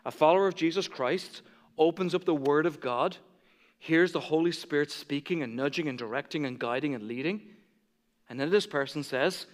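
A man preaching a sermon as pastor of his church. He builds to loud, impassioned peaks and then drops to soft, quiet asides. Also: on the high side, normal speed. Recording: church hall reverb.

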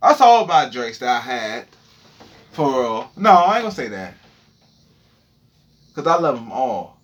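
A man hosting a podcast, telling a crude freestyle story in an excitable way, repeating words and phrases and jumping high when he relives a panic. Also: unhurried, highs cut off. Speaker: podcast host.

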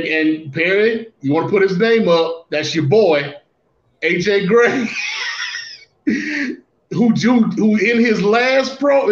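A man co-hosting a casual wrestling talk show, speaking deliberately and often restarting his phrases. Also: sits high. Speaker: podcast co-host. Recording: roomy, dull lo-fi sound.

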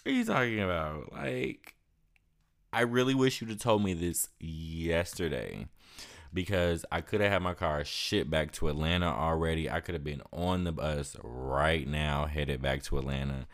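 A young man casually retelling a story for his vlog, with lots of "like" fillers and lively quoted asides. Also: very deep voice, a little slow. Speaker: vlogger.

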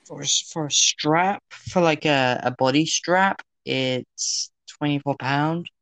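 A man's voice: a little high, slow pace, fairly bright tone, no room sound. A young man in casual chat, making blunt, dry remarks. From Britain.

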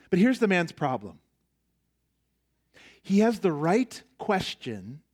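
A man preaching a sermon as a pastor, emphatic, repeating key phrases and asking the congregation rhetorical questions. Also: high voice.

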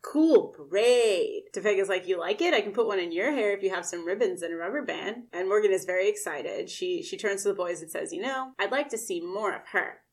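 A woman co-hosting a podcast, recapping episodes in a casual, animated way and quoting characters in her own voice with frequent laughs. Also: medium pitch, fairly quick, hardly any pauses. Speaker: podcast co-host.

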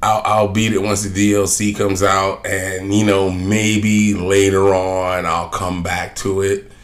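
A man's voice: deep voice, little pitch movement, takes it slowly. A young man hosting a solo podcast, ranting bluntly and profanely in a rambling, offhand way. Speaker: podcast host. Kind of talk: casual solo podcast rant.

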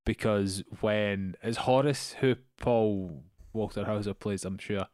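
A young Scottish man co-hosting a podcast, giving measured, critical opinions about a film in casual chat. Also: fairly low pitch, darkish tone, dry recording, studio quality. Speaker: podcast co-host.

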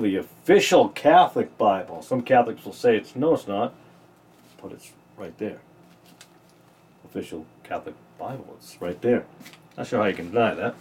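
A man hosting a casual podcast, comparing Bible verses with a sarcastic edge and reading scripture slowly with stress, in a small room. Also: medium pitch, darkish tone, breathy edge.

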